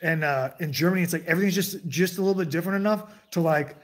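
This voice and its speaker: Rambling man, slightly high voice. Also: fast. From United States. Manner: digressive, restarts sentences, jumps between tangents. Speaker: livestream host. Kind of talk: casual rambling monologue to chat.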